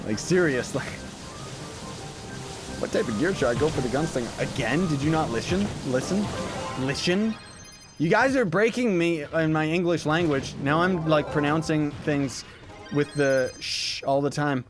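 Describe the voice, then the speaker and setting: Streaming a game over background music, this young man keeps things loose and jokey as he fields viewer questions. His voice sits on the high side and his pace is moderate.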